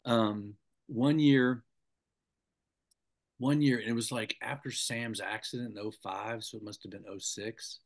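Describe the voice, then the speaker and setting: A man's voice: on the low side, measured pace. A middle-aged man, a former sports anchor, telling stories as a guest in a casual interview and acting out the people he quotes. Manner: animated anecdote-telling, acts out the people he quotes. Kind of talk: casual storytelling in a podcast interview.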